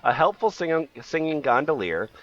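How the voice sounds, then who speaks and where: A man's voice: a little high, very animated, fairly quick, highs cut off, a crowd in the background. A man co-hosting a comedy podcast, reading a review aloud with frequent ums and uhs. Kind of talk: casual comedy podcast banter.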